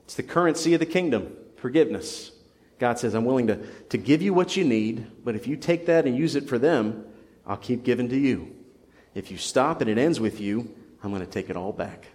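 A man's voice: mid-range voice, expressive, a little fast, darkish tone, big-room sound. A young adult man preaching a sermon in a church, earnest and building to emphatic passion. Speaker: pastor. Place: church sanctuary.

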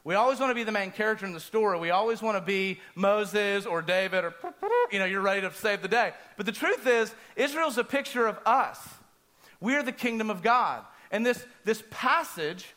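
A man preaching a sermon, telling a personal story in an animated way and acting out his own screams. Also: sits high, normal speed.

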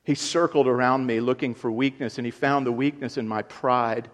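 A man's voice: medium pitch, steady tone, normal speed. A man, a pastor, preaching an earnest sermon who repeats key points and rises in volume for emphasis.

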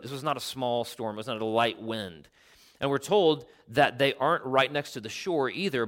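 Animated male preacher telling stories. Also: mid-range voice. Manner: animated storytelling, explains the original Greek; drops to a quiet, slow voice for emphasis. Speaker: pastor. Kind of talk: sermon.

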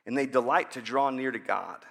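A man's voice: medium pitch, normal speed, gravelly, fairly bright tone, husky. A man in his thirties preaching a sermon in a conversational, joking way, acting out prayers. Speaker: pastor.

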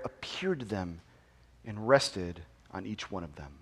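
A man preaching a sermon as pastor. He drops to hushed near-whispers and then climbs to loud, emphatic proclamation, repeats phrases and asks the congregation rhetorical questions. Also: sits low, lively intonation, a little slow, husky.

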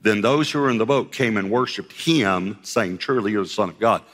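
A male pastor delivering a sermon with a bright, forceful voice. He tells the story in an animated way, acting out the voices and laughing along. His words ring out with a long hall reverb behind them. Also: lowish voice, normal speed.

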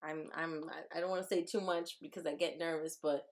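A woman co-hosting a podcast in a casual chat, talkative and giggly, with relaxed slang. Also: deep voice, fairly quick. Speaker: podcast co-host.

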